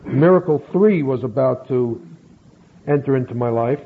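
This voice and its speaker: A middle-aged man slowly telling a personal story, acting out bits of dialogue. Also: mid-range voice. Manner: slow, measured storytelling with acted quotes. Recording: phone-like narrow sound with faint hiss.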